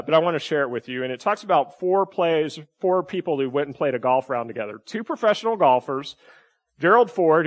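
A middle-aged male pastor preaching a sermon in a conversational way, often checking in with his listeners. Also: mid-range voice. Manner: conversational preaching with frequent "right?" asides.

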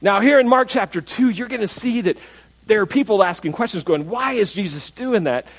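Animated male preacher with rhetorical questions. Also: high voice, brisk, low-quality recording. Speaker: pastor. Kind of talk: sermon.

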